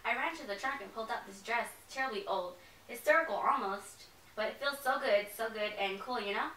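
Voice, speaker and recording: Girl doing a fussy southern belle mom, bright and gushy, faint hiss, far from the mic. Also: a little high, brisk, echoey room. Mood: gushing. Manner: gushing, genteel, rambling. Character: faded Southern belle mother, fussy and chatty. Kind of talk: amateur stage play reading.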